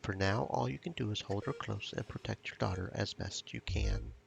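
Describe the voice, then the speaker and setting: A man streaming a game, reading its story text and dialogue aloud at a slow, somber pace. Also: on the low side, wildly swooping pitch, vocal fry. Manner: reads story text with quiet, somber pacing. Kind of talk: narrating and voicing game dialogue.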